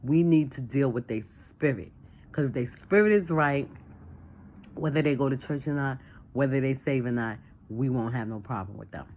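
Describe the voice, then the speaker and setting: Speaking at normal speed with an extremely low pitch, a woman from church leads a plain, casual discussion. There's a slight hiss or hum as she animatedly reenacts phone calls and dialogue and restates her points.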